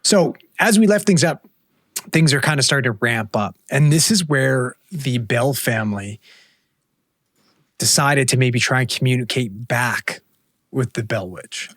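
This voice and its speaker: A man's voice: medium pitch, a little slow, a bit bright, dry recording, studio quality. A man co-hosting a podcast, casually retelling a ghost story and swearing now and then. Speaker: podcast co-host.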